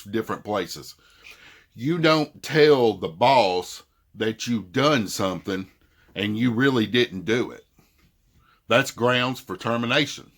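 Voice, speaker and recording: A man's voice: medium pitch, fairly bright tone. A middle-aged man with a thick Southern accent, casually retelling a dispute and quoting what each side said. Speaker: vlogger. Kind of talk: casual storytelling.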